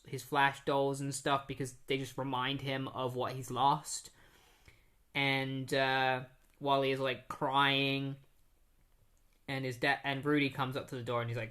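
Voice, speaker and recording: A man's voice: mid-range voice, a bit bright. A man casually recapping comic issues on a podcast, rambling with many fillers and restarts. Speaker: podcast host.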